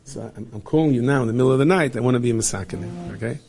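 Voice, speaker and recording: A man's voice: medium pitch, racing, creaky, a little mellow. A man telling an inspirational story to listeners, acting out the characters as he goes.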